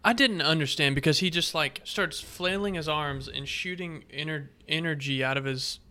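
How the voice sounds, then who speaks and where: A man co-hosting a casual movie podcast, excitedly quoting his own reactions. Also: fairly high pitch, normal speed. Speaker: podcast co-host. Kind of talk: casual chat.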